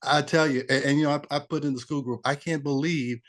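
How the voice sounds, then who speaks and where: A man's voice: a little high, fairly even intonation, quick pace, a bit bright. A man in his sixties, an interview guest telling his personal story in a rambling, heartfelt way, restarting sentences often. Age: 60s. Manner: rambling, restarts often, laughs, gets choked up. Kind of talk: emotional personal testimony.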